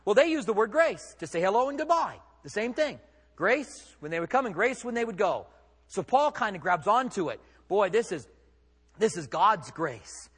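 A man's voice: high voice, fairly bright tone, husky, big-room sound. A man preaching a sermon as pastor, conversational and emphatic, with rhetorical questions.

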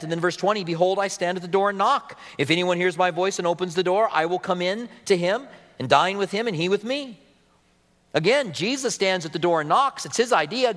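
A man's voice: sits high, a bit bright, in a large hall. A man preaching a sermon as pastor, earnest and reading scripture aloud to his congregation.

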